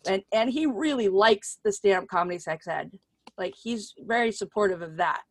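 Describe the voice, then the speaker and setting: A middle-aged woman hosting a casual podcast, telling stories with animated energy and plenty of swearing. Her voice sits at an ordinary middle pitch. The sound is dry and close, with no room around it. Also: moderate pace, dry recording. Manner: animated, swears freely, quotes people in voices. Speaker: podcast host and comedian. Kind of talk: casual chat, storytelling.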